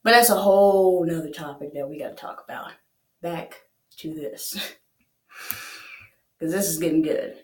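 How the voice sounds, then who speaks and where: A woman's voice: low voice, measured pace, long pauses, echoey room. A young woman hosting a reaction video, chatting casually, laughing often and asking rhetorical questions.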